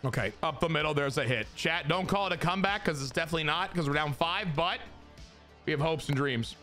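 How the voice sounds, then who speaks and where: A man giving casual, excitable commentary on his own baseball video game play, talking to his chat and swearing. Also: fairly high pitch, fast, faint music behind. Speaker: gaming streamer.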